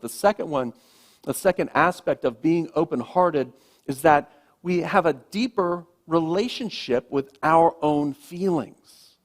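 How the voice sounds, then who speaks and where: Male minister, slightly higher voice, gentle reflective sermon delivery, soft phrase endings.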